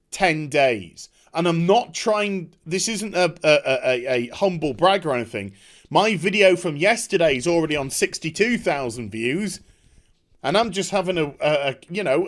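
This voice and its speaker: A man delivering a heated vlog rant, scornful and quick to swear. His voice sits high and swings widely in pitch. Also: a bit bright. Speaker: online commentator.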